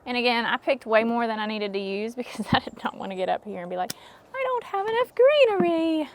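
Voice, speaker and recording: A woman's voice: mid-range voice, fairly even intonation, quick pace. A woman chatting casually while she makes a flower arrangement at home, with a jokey, self-deprecating manner. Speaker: craft vlogger. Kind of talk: casual how-to narration. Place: home indoors.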